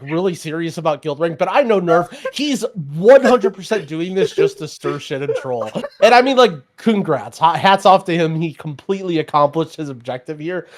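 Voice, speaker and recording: A young man co-hosting a gaming podcast, ranting in casual chat with lots of restarts and fillers. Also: high voice. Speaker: podcast co-host.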